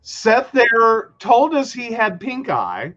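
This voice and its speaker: High-voiced man in animated chat. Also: takes it slowly, highs cut off. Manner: animated storyteller who acts out quotes. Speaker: podcast co-host. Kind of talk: casual chat.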